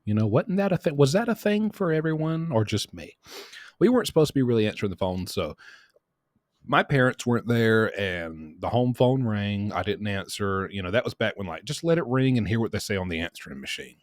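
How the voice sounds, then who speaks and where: A man with a fairly low voice that swings widely as he tells his story. He rambles, talks with animation and corrects himself on the fly. The mic is close and dry. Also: lively intonation, brisk, dry recording. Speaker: podcast host. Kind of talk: casual storytelling.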